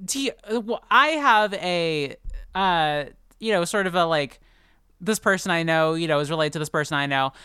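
A woman's voice: lowish voice, normal speed, pushed and bright, clean tone, dry recording, studio quality. A woman co-hosting a casual book podcast, rambling with lots of fillers and restarts and laughing often. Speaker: podcast co-host. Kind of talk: casual book-discussion chat.

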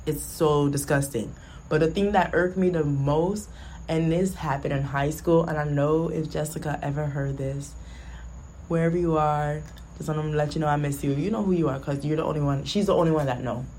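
A young woman, telling a story from her own life in a blunt, animated way and laughing as she goes. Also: low-pitched, moderate pace, a little hiss or hum. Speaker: vlogger. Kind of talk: casual storytime monologue.

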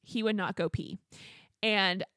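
A woman's voice: medium pitch, steady tone, measured pace, pushed and bright, no room sound, studio quality. A pregnant young woman co-hosting a podcast, telling a long story in casual chat with lots of "like"s and laughs. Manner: chatty storytelling, many "like"s, laughs often. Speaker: podcast co-host.

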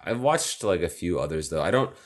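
Young guy with a deep voice, chill, cracking jokes w/ friends. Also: sing-song, brisk. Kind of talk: casual chat.

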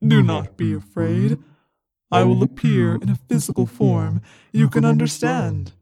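A woman voicing a vast ancient godlike male being, speaking slowly and solemnly in a deep, gravelly voice. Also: very animated, mellow, full character voice. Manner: slow, solemn and commanding. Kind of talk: audiobook reading.

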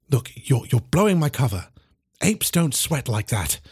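A man's voice: medium pitch, sing-song, measured pace, breathy edge, heavily acted. A man voicing a weary female undercover spy who scolds a bumbling partner. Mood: exasperated. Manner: exasperated, scolding.

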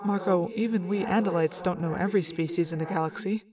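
A formal, earnest alien male speaks softly and precisely, as a woman reader puts him on. He sounds courteous and a little distant. A murmur of people sits behind the voice. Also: on the low side, fast, crowd noise, natural voice.

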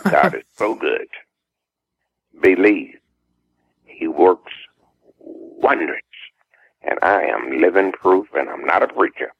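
This guest singer, an older man from the American South, speaks low and creaky with a breathy edge, and there's no room sound. Warm and down-home, he keeps laughing and repeating himself through the easygoing radio chat, which comes across dull and muffled.

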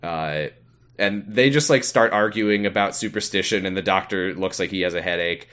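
A man co-hosting a podcast, casually recapping an episode with wry asides and quick put-on character voices. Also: low voice, fairly bright tone. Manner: wry, acts out character quotes with sudden voice jumps. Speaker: podcast co-host.

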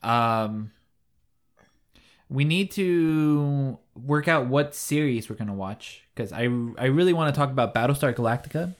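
A man's voice: mid-range voice, expressive, unhurried. A man co-hosting a podcast, talking casually and hesitantly about shows and movies. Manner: easygoing, hesitant, with ums. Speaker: podcast co-host.

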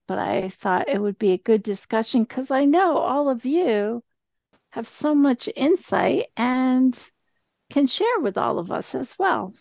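Slow, gravelly-voiced woman co-host. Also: on the high side, darkish tone, no echo, highs cut off. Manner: encouraging, thanks each speaker. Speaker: co-host of a writing discussion. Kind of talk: casual group discussion.

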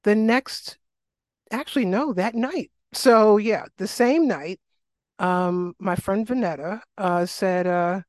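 A middle-aged woman from New York speaks as an interview guest, recounting her life in an animated, conversational way. She slips into little voices for the people she quotes and leans on plenty of ums and likes. The sound is dry and close, with no room around it. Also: mid-range voice, slow pace, dry recording. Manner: animated, acts out quoted voices, frequent fillers. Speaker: guest, wellness coach. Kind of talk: casual interview storytelling.

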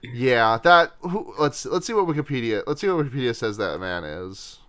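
A man's voice: medium pitch, animated, a loud crowd. A young man co-hosting a casual podcast, rambling and swearing as he recaps a movie and laughs often. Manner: rambling, profane, quick to laugh. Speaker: podcast co-host.

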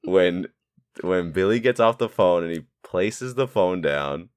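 A man's voice: expressive, a little slow, clean tone, no echo, studio quality. A young man co-hosting a podcast, chatting casually about a film, swearing freely and acting out lines. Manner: swears freely, acts out characters' lines in a squeaky high voice. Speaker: podcast co-host.

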